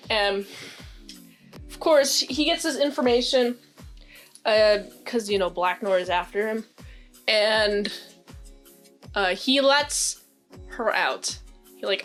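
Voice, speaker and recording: A woman casually recapping a TV episode, chatty and excitable, filling her talk with "like". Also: on the high side. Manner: chatty and excitable, heavy use of "like", acts out quoted lines. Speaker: series reviewer.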